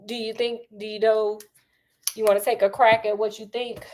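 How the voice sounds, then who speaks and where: A woman telling a classic mystery as casual comic chat, slangy and full of asides. Her voice sits a little high. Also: normal speed. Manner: chatty, slangy, animated. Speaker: storyteller. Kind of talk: casual comic story retelling.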